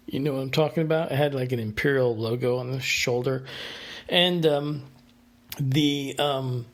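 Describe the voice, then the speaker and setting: Rambling man with many fillers. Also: mid-range voice. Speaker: podcast host. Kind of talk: casual solo monologue recounting dreams.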